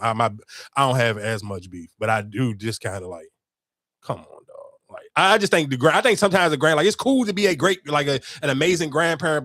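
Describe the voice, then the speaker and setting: A young adult man hosting a podcast, telling a story in animated, profane casual chat with sudden outbursts. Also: medium pitch, no room sound, studio quality. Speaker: podcast host.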